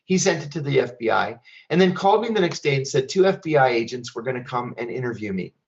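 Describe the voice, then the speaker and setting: A middle-aged man speaks at a mid pitch, unhurried and deliberate, with wry asides. The audio is slightly dull and lo-fi. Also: big pitch swings, vocal fry. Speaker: speaker at a public event. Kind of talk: storytelling speech.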